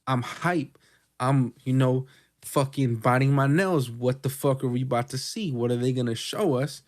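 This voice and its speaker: Male co-host, casual recap chat, swears often, rambles with excitement. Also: medium pitch, moderate pace. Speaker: podcast co-host.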